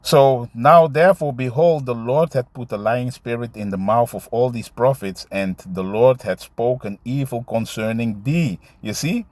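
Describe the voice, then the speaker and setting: A man's voice: medium pitch, a little mellow, dry recording. Man preaching casually, dry close sound. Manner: loose and conversational, tags lines with "man" and "you see"; halting, with many fillers and restarts while finding verses. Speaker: preacher teaching scripture. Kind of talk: casual scripture teaching, reading verses aloud.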